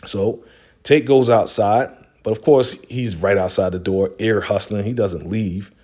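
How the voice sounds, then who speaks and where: A man hosts a laid-back recap of a TV episode. His voice sits fairly low, with a warm, mellow tone. He talks in a slangy, easygoing way full of fillers. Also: steady tone, a little slow.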